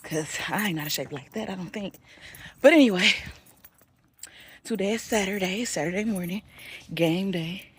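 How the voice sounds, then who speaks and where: Chatty mom vlogging outdoors. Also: female voice, medium pitch, moderate pace, long pauses, slightly rough. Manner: relaxed and chatty, loud excited cheering from the sidelines. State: slightly winded. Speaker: vlogger, parent at a youth football game. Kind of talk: casual vlog chat. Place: outdoors at a youth football field.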